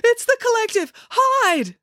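A woman's voice: mid-range voice, very animated, brisk, slightly rough, no echo, clean studio sound, pitched above the performer's own voice. A woman voicing a nervous, paranoid middle-aged father who startles at everything. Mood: jittery. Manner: nervous, alarmed exclamations.

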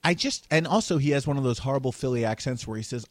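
A man's voice: mid-range voice, fast, dry recording. A man hosting a podcast in casual chat, outspoken and profane, mocking what he dislikes. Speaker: podcast host.

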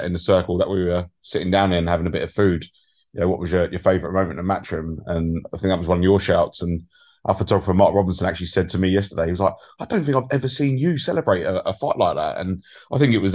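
A man's voice: sits low, darkish tone. A man co-hosting a podcast, chatting casually and hesitantly as he rambles through a memory. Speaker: podcast co-host. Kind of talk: casual interview chat.

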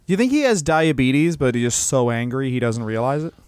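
A man co-hosting a wrestling podcast, chatting casually with wry, deadpan jokes. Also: mid-range voice, a little fast, clean tone, no room sound. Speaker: podcast co-host. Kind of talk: casual comedic chat.

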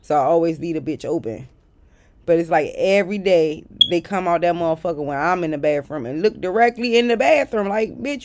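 A woman telling a casual storytime rant to her viewers, blunt and profane and exasperated, swinging between loud outbursts and muttered asides. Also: fairly low pitch. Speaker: vlogger.

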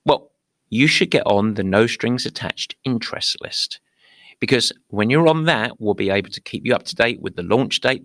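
British male podcast host, gravelly and dry-sounding, playful and theatrical. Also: lowish voice, fairly bright tone, no room sound. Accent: British English. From England. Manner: playful, theatrical, mock-indignant. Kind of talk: upbeat podcast monologue.

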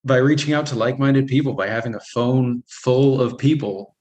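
Halting man sharing his recovery story. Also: mid-range voice, a little mellow, poor audio. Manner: halting, many repeated starts and fillers, laughs often. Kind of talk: candid personal testimony.

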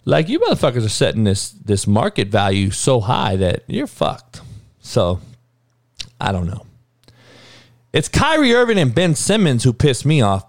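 A man's voice: mid-range voice, dry recording, clean studio sound. A man hosting a sports podcast, ranting in a heated, profane, rambling way and often calling listeners dog. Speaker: podcast host. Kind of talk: casual sports rant.

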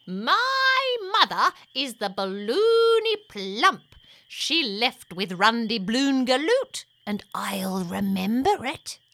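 Squeaky goofy ghostie who loves mud, voice swoops high and low all over. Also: female voice, sing-song, slow, sharp tone, no room sound, heavily acted. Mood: spooky. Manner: sing-song, squeaky, wildly swooping voice. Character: playful mud-loving young female ghost creature. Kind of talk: storybook audio reading.

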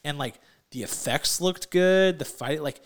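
A man co-hosting a podcast in casual chat, excitable, often laughing and saying "like" a lot, on a remote call. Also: fairly high pitch, a little slow. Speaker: podcast co-host.

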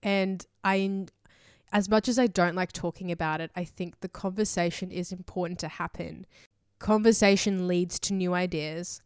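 A woman's voice: lowish voice, fairly even intonation, normal speed, a little mellow, smooth, no room sound, clean studio sound. A woman hosting a solo podcast, talking in a rambling, emotional way full of fillers and casual swearing. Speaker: podcast host.

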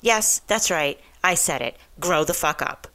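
Brief: young woman radio host, low and slow, blunt profane rants. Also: lively intonation, a bit bright, a little hiss or hum. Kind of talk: talk radio rant.

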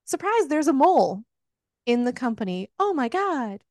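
A woman's voice: high voice, big pitch swings, normal speed, a little mellow, no echo. A woman hosting a book club podcast, recapping a novel in casual, frank and profane chat, laughing often.

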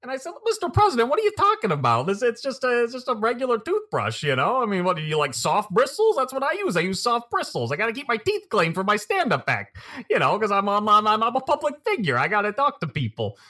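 A man's voice: high voice, huge pitch swings, quick pace, pushed and bright, full character voice. A man voicing a corny, self-promoting male stand-up comic who rambles and stammers in a comedy sketch. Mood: rambling.

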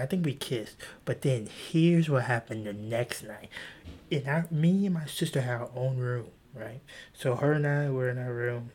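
A young man hosting a casual solo podcast, rambling through stories with swearing and voicing his past self in sudden high pitches. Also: darkish tone, slightly rough. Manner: rambling, swearing, voice jumps high when acting out his own past lines. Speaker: podcast host.

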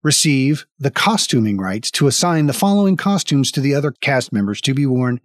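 A man's voice: mid-range voice, big pitch swings, brisk, dry recording. Wry, profane man narrating a game. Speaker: dungeon master. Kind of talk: tabletop game narration and patron thanks.

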